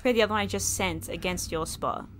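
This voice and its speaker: A woman streaming a video game live, chatting through her play and reacting loudly, often exclaiming and swearing. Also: medium pitch, quick pace, slight background noise. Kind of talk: live gameplay commentary.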